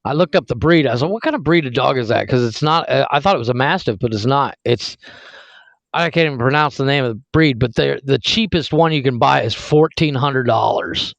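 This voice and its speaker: A man's voice: medium pitch, brisk, gravelly, no room sound, low-quality recording. A man in his thirties co-hosting a podcast, joking crudely and laughing often. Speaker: podcast co-host. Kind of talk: casual crude banter.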